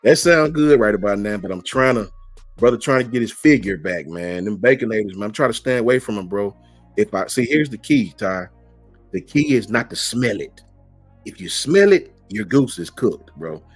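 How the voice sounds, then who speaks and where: A man's voice: lowish voice, animated, normal speed, dry recording, faint music behind. A middle-aged man hosting a live stream, chatting casually and slangily as he answers viewers' messages. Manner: laid-back, slangy, reads out and answers chat messages. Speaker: host.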